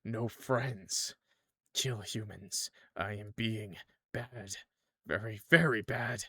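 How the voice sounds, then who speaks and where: A man voicing a towering, submissive male clown monster in a game, speaking quietly in halting, broken phrases. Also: fairly low pitch, slightly rough, no echo, studio quality, voice pushed down, exaggerated voice. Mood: fearful.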